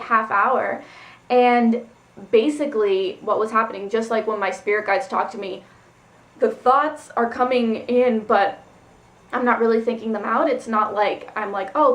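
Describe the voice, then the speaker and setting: Woman vlogger, somewhat high voice, casual rambling story, echoey room. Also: moderate pace. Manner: rambling, loose, full of "like" and "um". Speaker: spiritual vlogger. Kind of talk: casual personal storytelling vlog.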